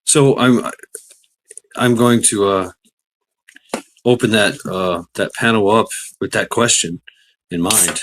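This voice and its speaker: A middle-aged man hosting a casual livestream, rambling with many fillers, greeting chatters by name and breaking into excited shouts. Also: on the low side, slow, long pauses. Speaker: livestream host.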